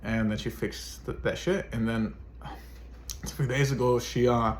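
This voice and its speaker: A man's voice: medium pitch, steady tone, measured pace, a little hiss or hum. A man venting in a personal vlog as a single dad, swearing often and sounding frustrated. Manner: profane, frustrated ranting.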